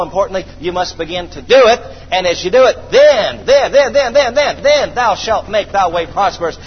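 High-voiced preacher man in a hall. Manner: call-and-response, exclamations of praise; slows down to read scripture. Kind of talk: sermon. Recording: dull distant hall sound, faint noise.

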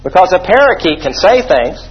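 A man's voice: high voice, big pitch swings, fairly quick, muffled recording, faint music behind. A man preaching a sermon with emphatic delivery, leading the congregation in call-and-response and sprinkling in hallelujahs and amens.

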